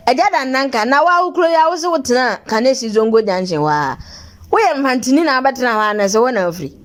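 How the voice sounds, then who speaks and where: Chatty woman presenting local news. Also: mid-range voice. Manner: chatty, laughing, teasing. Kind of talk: local-language news commentary.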